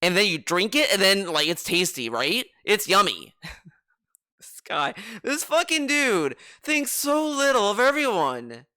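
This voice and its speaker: Male reaction streamer, mocking, swearing, smooth clear voice. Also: high voice, a little slow, no echo, clean studio sound. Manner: mocking, animated, swearing, exaggerated impressions. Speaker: commentary streamer. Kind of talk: reaction commentary.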